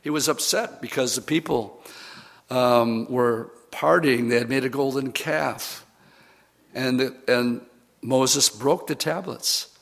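Man, sermon, gravelly voice, conversational storytelling, mid-pitched. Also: slow pace, a bit bright. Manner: conversational storytelling preaching with fillers. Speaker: preacher.

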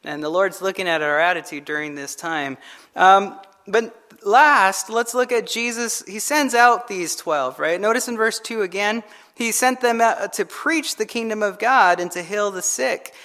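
A man preaching a sermon as pastor, in a conversational, animated storytelling manner that acts out quotes. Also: sits high, unhurried.

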